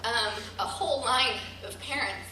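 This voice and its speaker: A woman teacher giving an earnest, halting speech to an audience, full of ums. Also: fairly high pitch, pushed and bright, slight background noise. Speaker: teacher speaking at a gathering. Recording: echoey hall recorded from far.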